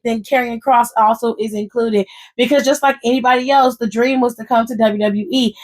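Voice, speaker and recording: Woman, high voice, casual recap host, animated, cussing, sassy asides.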